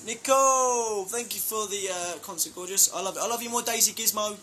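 A man's voice: sits high, brisk, over music. A young man chatting casually on a live stream, reading out fan names and thanking them for gifts. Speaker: band member live-streaming to fans.

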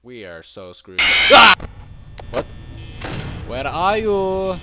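A young man doing casual gaming commentary, joking around and yelling and swearing in panic. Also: high-pitched, big pitch swings, very slow. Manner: jokey, screams and swears in panic. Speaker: gaming youtuber. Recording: music playing behind.

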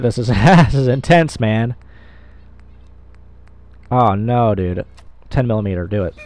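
A young man giving excitable, profanity-heavy commentary while playing a video game, with frequent loud outbursts. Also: mid-range voice, moderate pace, long pauses. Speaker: gamer. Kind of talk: let's play commentary.

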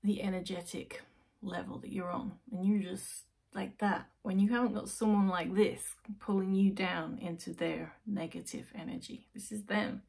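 A woman giving a direct-to-camera tarot reading, coaxing the viewer with rhetorical questions and slowing into guided breathing. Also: medium pitch, fairly even intonation, vocal fry, a little mellow, slightly rough. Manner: soothing, slows into guided breathing. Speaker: tarot reader.

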